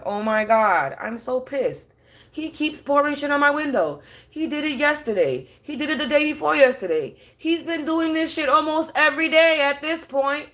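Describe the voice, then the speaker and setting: A woman's voice: high voice, moderate pace, fairly bright tone. A woman ranting defiantly on a livestream from her home as a spiritual reader, cursing bluntly. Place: at home indoors.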